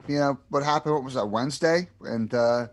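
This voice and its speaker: A man with a Delaware County Philadelphia accent, co-hosting a podcast in relaxed casual chat, leaning on "you know" fillers. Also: mid-range voice, fairly quick. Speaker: podcast co-host.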